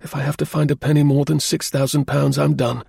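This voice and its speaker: A man's voice: on the high side, level tone, brisk, gravelly, mellow, husky, no echo, clean studio sound, pitched above the performer's own voice, heavily acted. A man voicing a shaken young husband who speaks in a strained, pleading way in an audiobook. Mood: desperate.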